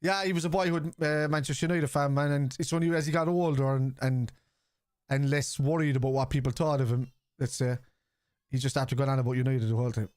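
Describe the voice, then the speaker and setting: A man's voice: mid-range voice, fast talker, smooth, dry recording, studio quality. A middle-aged man with a chatty manner, streaming a football watchalong, reacting to play and reading out chat messages. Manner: chatty, reads out chat messages, excitable at match moments. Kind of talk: casual live-stream chat and match reactions.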